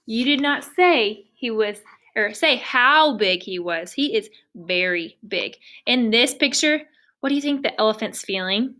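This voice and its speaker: A woman's voice: a little high, animated, unhurried, bright, forceful tone. A woman teacher reading a picture book aloud to young students, patient and asking many questions.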